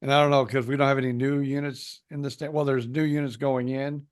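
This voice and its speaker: An older man co-hosting a podcast in casual chat, rambling and pausing to search for words. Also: mid-range voice, level tone, clear, resonant tone. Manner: rambling, hesitant, many "uh" pauses. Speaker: podcast co-host.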